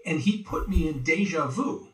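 A man being interviewed as a voice actor, telling stories in an animated way and slipping into quick impressions. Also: fairly high pitch. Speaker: voice actor guest. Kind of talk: casual interview chat. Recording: roomy, distant from the mic.

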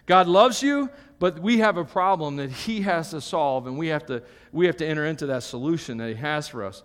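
A man with a high voice preaches a live sermon, emphatic and quick to joke, tagging his points with "okay?". The sound carries the long reverb of a church hall. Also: animated, clean tone. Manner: emphatic, tags points with "okay?", joking asides. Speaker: pastor.

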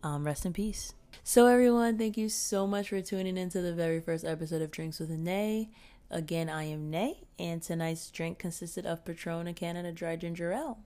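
A woman's voice: fairly low pitch, moderate pace, warm tone. A woman hosting her own solo podcast, talking in a blunt, profane and fired-up way. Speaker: podcast host.

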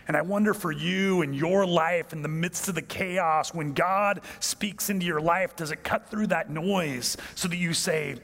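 A man preaching a sermon as pastor, telling a personal story and dropping to a hushed, low voice for emphasis. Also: moderate pace, creaky, in a large hall.

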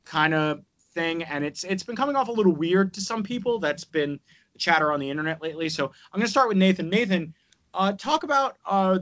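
A man hosts a casual podcast, animated and profane as he rants. His voice is bright and forceful. The sound is a little dull and lo-fi. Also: on the high side. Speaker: podcast host.

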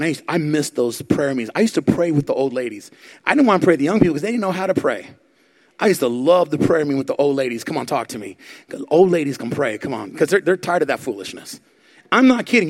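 A man preaching a sermon, telling animated stories and calling on the crowd to answer. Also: a little high. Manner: animated, acts out quotes, asks the crowd for response. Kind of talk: sermon storytelling.

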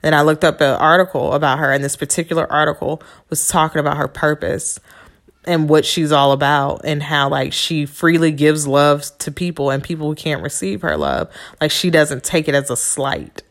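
A woman with a fairly low voice talks in a loose, casual storytelling monologue. She is candid and emphatic, swears freely, and talks straight to her listeners as a podcast host. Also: moderate pace.

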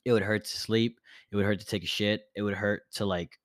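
A man's voice: on the low side, fairly even intonation, a little fast, dry recording, clean studio sound. A young man hosting a podcast, telling a story in casual chat with plenty of slang and swearing. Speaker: podcast host.

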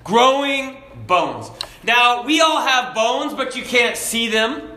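A man preaching a sermon, slow and deliberate, with a self-deprecating sense of humor. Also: extremely high pitch, animated, bright, forceful tone, a little hiss or hum. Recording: echoey room.

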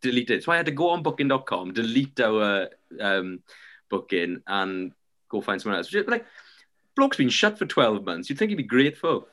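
Man, young adult, from Britain, podcast co-host, casual storytelling, lively pitch. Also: normal speed. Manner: storytelling, animated and joking. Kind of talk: casual pub chat.

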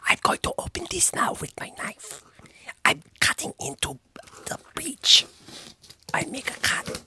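A man doing a breathy whispered singer impression. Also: very high voice, very animated, unhurried, bright, forceful tone, voice pushed up, full character voice. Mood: hushed. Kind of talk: whispered role-play.

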